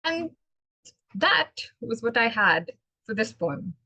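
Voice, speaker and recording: A woman giving a prepared club speech on poetry, earnest and expressive, talking in a measured way. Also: fairly high pitch, breathy edge, no echo, lo-fi sound. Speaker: club speaker.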